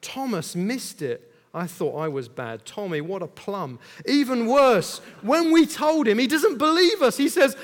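A man with a high voice tells a Bible story as one of the disciples, joking along and dropping in asides. His chatty, lively delivery rings out in a big hall, and a long reverb trails after every phrase. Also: measured pace, hardly any pauses. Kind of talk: comic first-person Bible retelling. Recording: long echo of a large hall.

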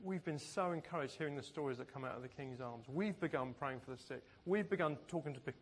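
A man's voice: medium pitch, fast talker, breathy edge. A man preaching a sermon as pastor, telling stories in a conversational way and often laughing.

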